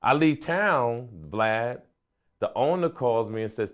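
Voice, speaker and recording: A man's voice: mid-range voice, animated, slow. A man, a comedian guest, recounting a personal story in a matter-of-fact way.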